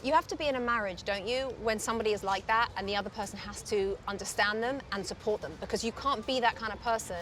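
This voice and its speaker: Quick-talking woman interviewing outdoors. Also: medium pitch. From England. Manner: eager, quick affirmations, probing questions. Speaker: sports broadcaster and interviewer. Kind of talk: casual interview on a walk. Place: city park outdoors with traffic.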